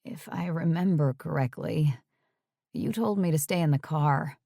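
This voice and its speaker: A woman voicing a hungover young actress who mumbles in a low voice. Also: a little slow, vocal fry, mellow, dry recording, clean studio sound, full character voice. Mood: dry.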